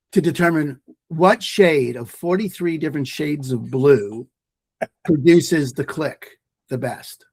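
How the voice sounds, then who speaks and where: Man, podcast guest, mindfulness teacher, emphatic, fairly high pitch, dry sound. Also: darkish tone, husky, dry recording. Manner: emphatic, storytelling, repeats phrases for effect. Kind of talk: podcast interview.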